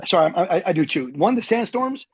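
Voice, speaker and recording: Husky, fast-talking veteran man. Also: high voice, no room sound. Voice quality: animated, slangy, says "dude". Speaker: army veteran guest. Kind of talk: casual storytelling. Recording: dull lo-fi recording.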